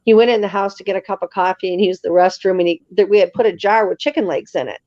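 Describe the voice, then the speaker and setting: A woman telling stories as an interview guest in a casual, lively way, acting out other people's lines. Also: mid-range voice, fast, no echo. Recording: slightly dull lo-fi sound.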